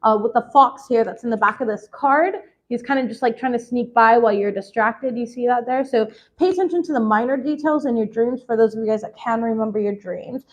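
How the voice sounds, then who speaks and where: A woman's voice: fairly high pitch, fairly quick, rough recording. A woman chatting casually as she gives a tarot reading, peppered with "like" and "you know". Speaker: tarot reader.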